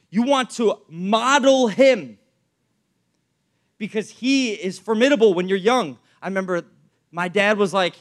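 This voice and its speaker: Animated high-voiced young male pastor. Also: measured pace. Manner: animated, acts out anecdotes, many fillers. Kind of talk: sermon with storytelling.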